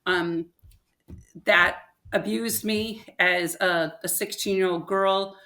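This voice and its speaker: Older woman, podcast guest, animated storyteller, bright clear voice. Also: mid-range voice, takes it slowly. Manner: animated storyteller acting out quotes. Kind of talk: personal storytelling.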